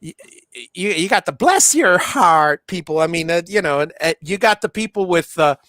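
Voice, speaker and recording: A man's voice: fairly high pitch, fairly quick, fairly bright tone, dry recording, studio quality. A man hosting a casual livestream, chatting while he solders, with many restarts and fillers. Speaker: livestream host.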